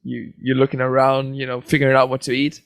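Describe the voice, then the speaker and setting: A man's voice: mid-range voice, monotone, fast, creaky, no echo. A man co-hosting a podcast, trading jokes in casual banter and laughing often. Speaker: podcast co-host. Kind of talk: casual joking chat.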